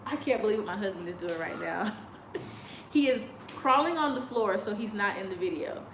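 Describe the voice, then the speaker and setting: A woman's voice: medium pitch, expressive, moderate pace, fairly bright tone, echoey room, a little hiss or hum. A woman talking casually and sassily on a live video, laughing often. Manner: chatty and sassy, laughs often. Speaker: vlogger. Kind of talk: casual commentary. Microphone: video call on a choppy connection.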